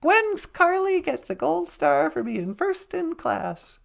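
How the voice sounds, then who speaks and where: A woman's voice: extremely high pitch, very animated, slow, gravelly. A woman co-hosting a podcast in casual chat, playful and teasing, laughing easily. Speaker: podcast co-host.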